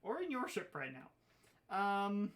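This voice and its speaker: A woman's voice: mid-range voice, big pitch swings, takes it slowly. A woman narrating as game master of a tabletop role-playing game, often laughing as she describes events.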